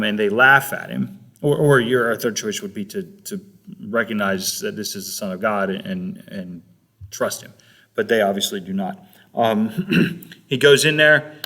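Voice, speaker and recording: A man's voice: lowish voice, fairly bright tone. Conversational male pastor preaching. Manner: conversational, retelling scripture with rhetorical questions. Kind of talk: sermon.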